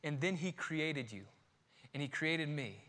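A male pastor in his thirties preaches with a high, bright voice. He swings between hushed, deliberate emphasis and loud, rising passages, drawing out key phrases slowly. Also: expressive. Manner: dynamic preaching, swinging between quiet emphasis and near-shouting. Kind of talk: sermon.

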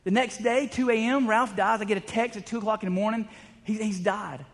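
A man's voice: high voice, fairly even intonation, brisk, big-room sound. A man preaching a sermon, telling stories in a conversational way with frequent restarts. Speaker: pastor.

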